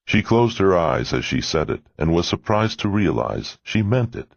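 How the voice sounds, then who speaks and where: Audiobook narrator, male, very deep and gravelly, lively pitch, dry lo-fi sound. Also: normal speed, hardly any pauses, dry recording. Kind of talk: scripted narration. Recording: dull lo-fi dry recording.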